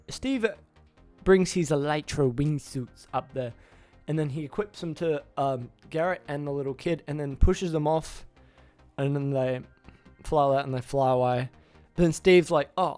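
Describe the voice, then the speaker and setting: Young-sounding male reviewer, slightly high voice, loose rambling recap over faint music. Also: measured pace, a little mellow. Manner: rambling, restarts names, acts out character lines. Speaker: YouTuber reviewing a film. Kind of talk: casual film plot recap.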